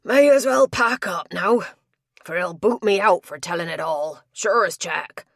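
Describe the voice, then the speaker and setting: A woman reading a big, sulky male tavern tapster with gruff rustic dialect speech. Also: fairly low pitch, unhurried, no room sound, clean studio sound. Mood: grumbling.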